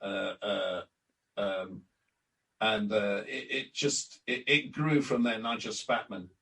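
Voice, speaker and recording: An older man sits a little back from the microphone, so his lowish voice sounds distant. He tells long anecdotes in a relaxed interview, acting out old conversations and restarting his sentences often. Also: slow. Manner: anecdotal, acts out quoted exchanges, frequent restarts. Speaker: interview guest, former club announcer and editor. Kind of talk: storytelling in a relaxed podcast interview. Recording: distant from the mic.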